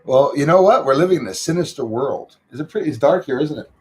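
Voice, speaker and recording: A man's voice: on the high side, lively intonation, quick pace. A man hosting a casual live stream, greeting viewers by name and chatting loosely about what they write. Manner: greets viewers by name and reads their comments aloud. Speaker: livestream host.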